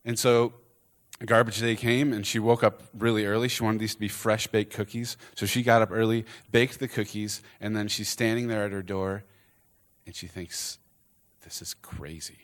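A man preaching, telling a story and acting out the characters' lines with lively energy. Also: on the low side, moderate pace. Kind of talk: storytelling sermon.

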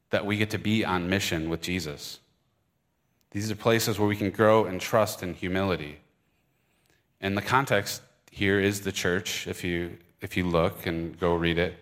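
Deep-voiced Michigan preacher. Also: male voice, fairly bright tone. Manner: conversational, earnest, with fillers and restarts. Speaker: pastor. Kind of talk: sermon. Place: church service. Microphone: microphone.

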